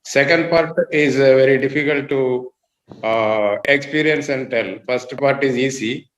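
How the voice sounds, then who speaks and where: A man taking part in a video call, answering slowly and searching for his words. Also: medium pitch, fairly bright tone, reverberant, low-quality recording. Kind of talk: answering a question.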